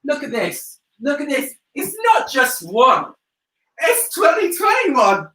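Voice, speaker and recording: A young woman hosting a live makeup tutorial, bubbly and excitable, chanting catchphrases to her viewers. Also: sits high, takes it slowly. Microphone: webcam on a livestream.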